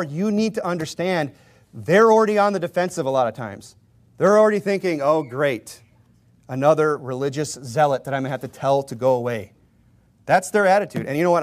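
A middle-aged male pastor with a slightly high voice delivers a sermon in a relaxed, conversational manner. He acts out little doorstep exchanges and pokes fun at himself. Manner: conversational preaching with acted-out doorstep dialogue; self-deprecating humor, chuckles often.

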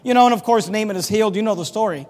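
A man preaching a sermon in a church, reading scripture aloud and acting out the characters with animated emphasis. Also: high-pitched, rapid-fire, in a large hall. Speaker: pastor.

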